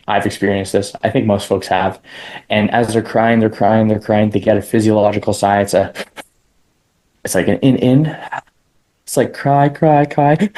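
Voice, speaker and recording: A fairly low-pitched man talks through a method step by step as an interview guest. His delivery is easygoing and chatty, with casual slang and the odd restart. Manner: relaxed and conversational, with casual slang.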